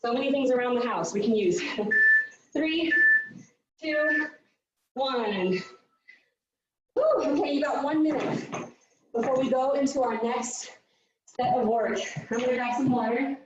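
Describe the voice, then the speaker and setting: A woman's voice: sits high, unhurried, pauses often, heavy reverb, far from the mic, highs cut off, noisy background. A woman fitness coach leading a live workout, out of breath, upbeat and counting down the reps.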